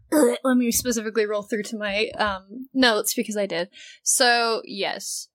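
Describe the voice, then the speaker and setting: A woman co-hosting a casual fan podcast, loud, teasing and excitable. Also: medium pitch, a little slow, no echo. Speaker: podcast co-host. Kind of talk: casual chat.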